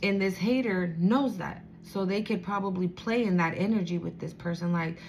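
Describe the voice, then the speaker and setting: A woman's voice: medium pitch, normal speed, a little mellow, a little hiss or hum. Blunt, profane woman reading cards. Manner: blunt, profane, streetwise, emotional. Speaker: tarot reader. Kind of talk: casual spiritual reading.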